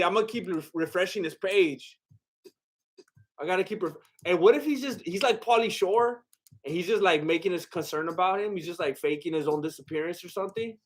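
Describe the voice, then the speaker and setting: A man hosting a casual live stream, rambling and joking with his chat, full of "like" and restarts. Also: sits high. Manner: loose, chatty, breaks into bits of song.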